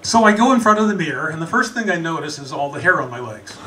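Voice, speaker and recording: A self-mocking American man tells a funny story with lots of animation, his voice high and bright. He sounds a little far from the mic, with a faint murmur of room noise behind him. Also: lively intonation, fast talker. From United States. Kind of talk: live comic storytelling.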